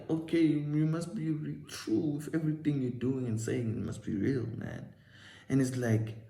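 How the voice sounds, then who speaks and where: A man's voice: mid-range voice, a little mellow, roomy sound. A young man with a South African accent, casually telling a storytime and acting out both sides of the conversation. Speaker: vlogger.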